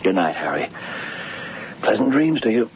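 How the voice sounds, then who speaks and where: An actor in a radio drama playing a brooding gentleman fixated on terror, measured and darkly musing. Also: lowish voice, very animated. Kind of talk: 1950s-style BBC radio drama acting. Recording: dull lo-fi radio recording with faint hiss.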